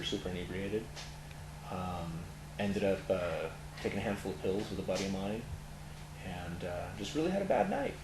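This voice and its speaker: A middle-aged Californian man, a tattoo parlor owner, candidly telling his life story in an interview with many fillers. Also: lowish voice. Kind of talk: personal testimony in conversation. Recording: echoey room, faint noise.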